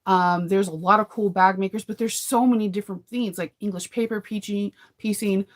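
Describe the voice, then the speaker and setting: A woman's voice: medium pitch, steady tone, brisk. Woman host, casual live-stream chatter, rambling, giggly. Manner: rambling, chatty, laughs often. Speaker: sewing channel host. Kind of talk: casual live chat with viewers.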